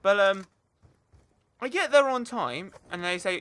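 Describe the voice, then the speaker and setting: A young man talks in a high, bright voice that bounces all over its range. He rants animatedly over his gameplay as the channel host, sounding openly exasperated. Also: big pitch swings, normal speed, smooth. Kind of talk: ranting commentary over gameplay.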